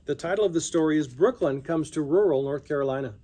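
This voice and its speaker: A man narrating a magazine story in a calm, measured reading voice. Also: a little high. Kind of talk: scripted narration.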